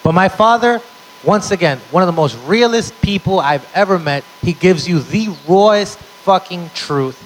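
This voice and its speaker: A man's voice: high-pitched, animated, moderate pace, a little hiss or hum, rough recording. A young man doing a stand-up comedy set, telling punchy, profane stories to a live audience. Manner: brash, profane, punchy storytelling. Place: live show venue with audience.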